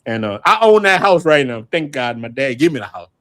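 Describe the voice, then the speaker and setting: A man's voice: mid-range voice, big pitch swings, fairly quick, a bit bright, dry recording. A middle-aged man hosting a casual livestream chat, telling stories animatedly, laughing often and swearing freely. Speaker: channel host.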